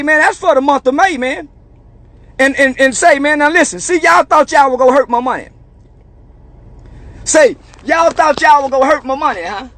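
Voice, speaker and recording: A man's voice: very high voice, a bit bright. A man ranting in a casual vlog, bragging and taunting his critics in profane street slang, repeating himself again and again. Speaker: online personality. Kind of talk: boastful casual vlog rant.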